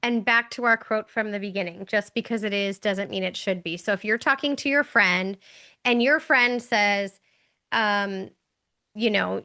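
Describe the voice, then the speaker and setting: A woman's voice: medium pitch, a little slow, pushed and bright. A middle-aged woman co-hosting a casual podcast, telling stories with lots of fillers and acting out the people she quotes. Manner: chatty storyteller, acts out quoted voices. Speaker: podcast co-host, mother.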